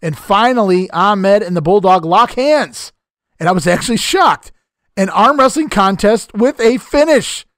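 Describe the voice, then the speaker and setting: A man with a notably high voice recaps an old wrestling broadcast play by play, dry-humored and casually profane. The recording is dry and close, with almost no room sound. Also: animated, unhurried, fairly bright tone, no echo. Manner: wry, joking, swears casually. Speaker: podcast co-host recapping wrestling.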